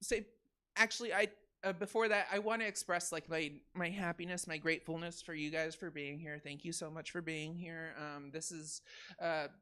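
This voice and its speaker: A woman in her thirties doing a stand-up comedy set, swinging from quiet confiding asides to loud shouted punchlines. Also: low voice, fairly even intonation, normal speed. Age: 30s. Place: comedy theater stage.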